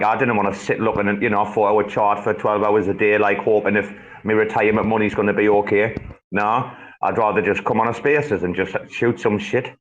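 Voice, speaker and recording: A man hosting a casual group chat who laughs often and swears freely through excitable banter. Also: lowish voice, dull audio. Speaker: host.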